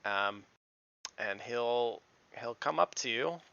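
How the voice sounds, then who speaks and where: A man narrating as game master of a tabletop game, lively and full of laughter. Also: medium pitch, slow pace, gravelly, no echo. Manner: lively, laughing, many fillers. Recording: dull lo-fi audio.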